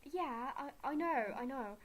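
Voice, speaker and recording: A woman's voice: high voice, a little slow, pitched above the performer's own voice. A woman putting on an exaggerated British accent as a joke, stammering and giggly. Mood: playful. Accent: put-on British. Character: young woman faking a chirpy British accent.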